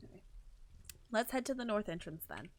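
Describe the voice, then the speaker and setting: A woman streaming a fantasy game and chatting casually as she plays, thinking aloud and laughing often. Her voice sits at an ordinary pitch, with a faint hiss behind it. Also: sing-song, fairly quick. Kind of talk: casual chat while playing a game.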